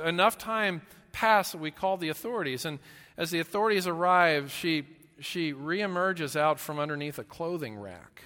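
A pastor delivers an earnest sermon in a bright, forceful man's voice pitched a little high. He stumbles and restarts often, rising to loud emphasis, then dropping to slow, hushed lines. Long reverb from a church hall trails behind each phrase. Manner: earnest, with repeated restarts and stammers.

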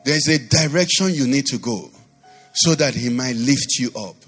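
A man's voice: mid-range voice, moderate pace, fairly bright tone, breathy edge, long reverb tail, soft background music. A male pastor preaching and leading prayer, with rhythmic repetition and rising fervent declarations. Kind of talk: sermon with prayer over music.

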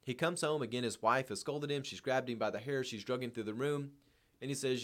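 A man's voice: medium pitch, fairly quick, fairly bright tone. A man reading a novel aloud and then lecturing on it in an earnest, emphatic way. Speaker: reader and commentator.

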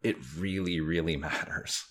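A man co-hosting a casual tabletop gaming podcast, relaxed and quick to laugh as he explains rules. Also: low-pitched. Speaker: podcast co-host, dungeon master. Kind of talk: casual chat.

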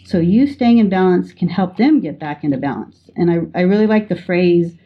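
A woman educator giving a measured, patient teaching talk, explaining with everyday examples. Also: lowish voice, expressive, husky, dull audio. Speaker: educator guest.

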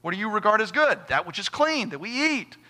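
A man's voice: high-pitched, very animated, a little fast, sharp tone. A male pastor preaching a sermon, emphatic, putting rhetorical questions to his congregation.

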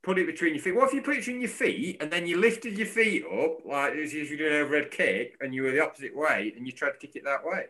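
A man's voice: fairly high pitch, fast, hardly any pauses. A man, chatting casually and jokily as a football podcast co-host. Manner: animated, jokey, laughs often.

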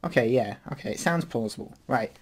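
Male podcast host, mid-pitch, rambling and hesitant, casual chat. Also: expressive, brisk, over a noisy crowd. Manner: rambling and hesitant, many fillers.

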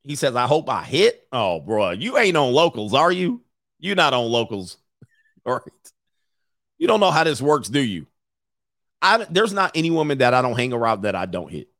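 On his casual livestream, the host mocks and brags, chuckling as he goes, his fairly bright voice making big pitch swings. He keeps a moderate pace but leaves long pauses. The audio is dry and echo-free.

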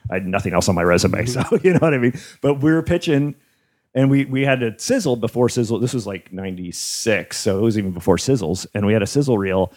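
Male comedy writer on a podcast, deep-ish voice, quick and matter-of-fact. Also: lively intonation, a little mellow. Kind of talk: casual chat.

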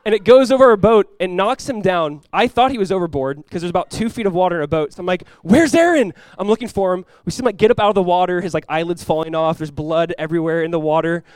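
A man, a pastor telling a lively personal story in a sermon, often laughing as he talks. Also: high-pitched, fast, hardly any pauses, clear, resonant tone, dry recording.

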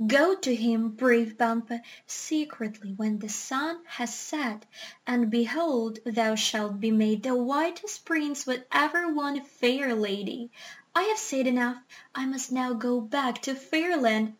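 A woman's voice: fairly high pitch, takes it slowly. Woman voicing a whispering clever parrot. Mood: mock-solemn. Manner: hushed, conspiratorial. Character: clever scheming female parrot.

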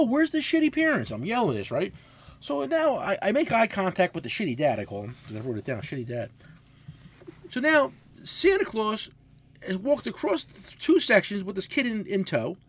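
A man in his forties co-hosting a casual podcast, telling loud, profane stories. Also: high voice. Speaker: podcast co-host, mechanic.

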